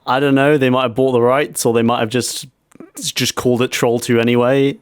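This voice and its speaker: A man's voice: medium pitch, little pitch movement, a little fast, clean tone, no echo, clean studio sound. Chatty man telling a story on a podcast. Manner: laughs often while telling a story. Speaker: podcast co-host. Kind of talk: casual chat.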